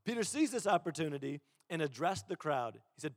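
A man's voice: a little high, sing-song, fairly quick, hardly any pauses, clean studio sound. A male pastor preaching a sermon in a church auditorium. He talks in a conversational, self-deprecating way and often repeats words as he restarts. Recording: long hall reverb.

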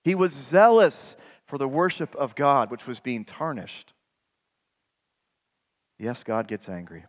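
A middle-aged man preaching a sermon, retelling scripture as a vivid dramatic story and rising to loud emphatic peaks. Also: mid-range voice, sing-song, slow, long pauses. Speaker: pastor.

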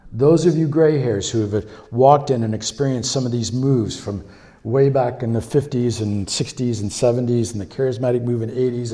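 An American man from California with a mid-range voice preaches a sermon as a visiting speaker. He tells stories in an animated, encouraging way and keeps repeating key phrases.

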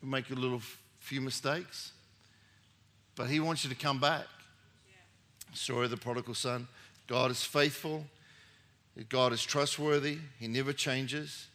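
Middle-aged male pastor, bright forceful tone, chatty storytelling sermon with emphatic bursts. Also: mid-range voice, steady tone, unhurried, long pauses. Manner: conversational storytelling with rising emphatic peaks.

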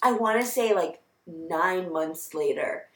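A woman's voice: lowish voice, slow, a bit bright. Young woman on a podcast rambling thru a story, says like a lot, roomy echo. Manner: rambling storytelling with many "like"s, laughing at herself. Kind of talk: casual chat.

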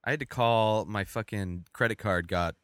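A man's voice: lowish voice, normal speed, a bit bright. A man in a casual chat, rambling with fillers and frequent swearing.

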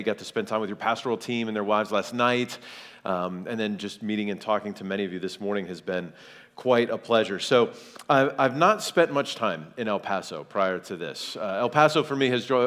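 A Kentucky man in his forties, with a lowish, slightly bright voice, preaches as a guest in a large church hall. His sermon includes friendly, joking asides to the congregation, and the hall gives a long reverb.

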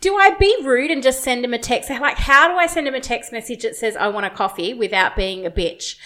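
A woman's voice: fairly high pitch, a little fast, bright, forceful tone. A woman co-hosting a podcast, telling a story in casual chat, acting out her own thoughts and laughing often.

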